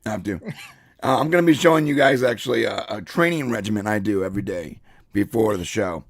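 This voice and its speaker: A man co-hosting a casual podcast, his voice congested and hoarse, rambling and joking with lots of fillers and throat clearing. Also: lowish voice, fast talker, dry recording, clean studio sound. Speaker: co-host.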